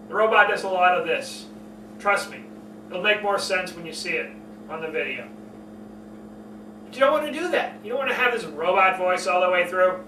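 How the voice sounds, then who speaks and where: A man coaching on public speaking, talking expressively and showing shifts in pace and pitch as he explains. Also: lively intonation, normal speed, pauses often, bright, forceful tone, reverberant, far from the mic, slight background noise, rough recording. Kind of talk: instructional talk to camera.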